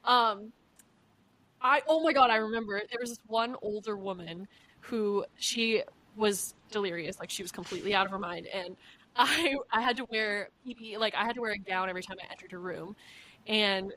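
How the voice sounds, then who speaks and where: A young woman from Vermont, a nurse, chatting casually on a podcast and telling animated stories full of "like". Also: medium pitch, normal speed, low-quality recording. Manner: animated storyteller, frequent "like", laughs through stories. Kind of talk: casual chat.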